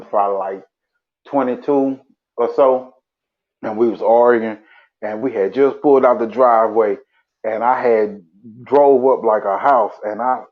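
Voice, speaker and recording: A man's voice: medium pitch, muffled recording. A man telling a rambling, profane story about run-ins with police in casual chat, laughing as he goes.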